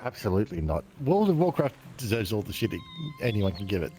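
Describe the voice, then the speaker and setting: A man's voice: lowish voice, sing-song, quick pace, warm tone, faint music behind. A man chatting casually on a livestream, adding dry joking asides.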